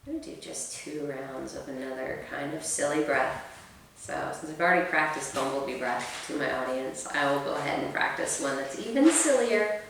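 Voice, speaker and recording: A woman, a yoga teacher calmly guiding a breathing practice with a gently self-deprecating, coaching manner. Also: extremely low pitch, moderate pace. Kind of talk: guided breathing instruction. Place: yoga studio room. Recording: very echoey room, distant mic, faint noise.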